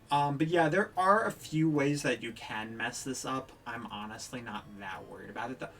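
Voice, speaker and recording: A livestreamer giving live gameplay commentary who talks excitably and breaks into loud, frustrated outbursts. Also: medium pitch, normal speed, vocal fry, few pauses, distant mic.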